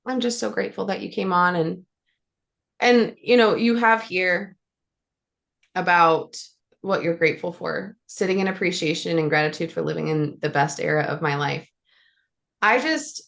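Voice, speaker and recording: A woman's voice: lowish voice, vocal fry. Swearing, effusive woman podcast host. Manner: swears freely, effusive and affectionate. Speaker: podcast host and life coach. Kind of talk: emotional casual interview chat.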